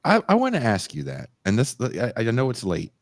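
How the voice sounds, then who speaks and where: A male podcast host telling a long story in a loose, profane, animated way. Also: mid-range voice, brisk, dry recording. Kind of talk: casual storytelling chat.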